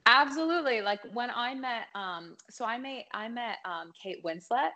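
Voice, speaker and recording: A woman's voice: a little high, lively intonation, normal speed, bright, forceful tone. A woman, a singer guest on a podcast, telling a long story in casual chat with many fillers. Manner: chatty, lots of fillers and likes.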